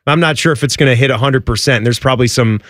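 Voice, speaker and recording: A man's voice: medium pitch, fast talker, a bit bright, dry recording, studio quality. A married man co-hosting a podcast, chatty and rambling in casual banter. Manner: rambling, chatty, trails off and restarts. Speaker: podcast co-host.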